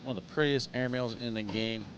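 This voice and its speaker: A man's voice: mid-range voice, fairly even intonation, a little fast, muffled recording, background noise. Joking male sports commentator. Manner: chatty, joking banter between calls. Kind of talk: live play-by-play commentary.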